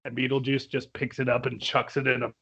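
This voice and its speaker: A man's voice: mid-range voice, little pitch movement, fairly quick, vocal fry, bright, forceful tone, slight background noise. A young man reviewing a musical in casual chat, laughing often and quoting lines in put-on voices. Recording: dull lo-fi recording.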